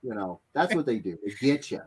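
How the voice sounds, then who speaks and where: Animated man hosting a livestream. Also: mid-range voice, brisk, husky. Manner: animated, rambling, with many fillers and restarts. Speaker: host of an art giveaway livestream. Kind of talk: casual livestream chat.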